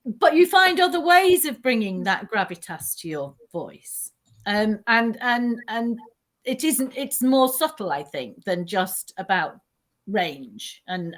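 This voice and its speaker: A woman trainer explaining ideas in a conversational way, animated and quick to laugh, often restarting her sentences. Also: medium pitch. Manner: animated, self-interrupting storyteller who laughs often. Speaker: teaching trainer.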